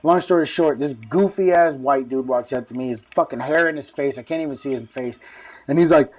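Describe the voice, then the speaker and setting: Fast-talking, slangy man. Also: mid-range voice, animated, a little mellow, husky, recorded from a distance. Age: 30s. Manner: profane, slangy, rambling. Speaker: guest. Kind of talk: casual street-talk storytelling.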